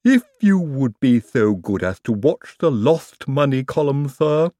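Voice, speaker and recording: Male narrator as a doleful, deferential manservant, drawn-out and gloomy. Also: mid-range voice, big pitch swings, warm tone, no room sound, studio quality, pitched above the performer's own voice.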